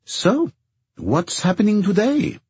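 A man voicing an eager young Brazilian woman who works as a dancer, speaking in a lifted, bright and gentle way with a husky tone. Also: deep voice, fairly even intonation, measured pace, no echo, full character voice. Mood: bright, expectant. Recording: dull dry narration recording.

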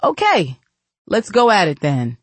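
A woman voicing a confident young man in a storybook, speaking firmly and forcefully. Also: medium pitch, huge pitch swings, unhurried, husky, no echo, heavily acted. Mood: challenging.

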